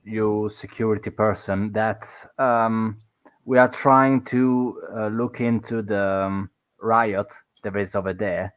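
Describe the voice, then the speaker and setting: Low-voiced hesitant man. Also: steady tone, takes it slowly, smooth. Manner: hesitant, full of fillers. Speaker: player. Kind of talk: casual game chat.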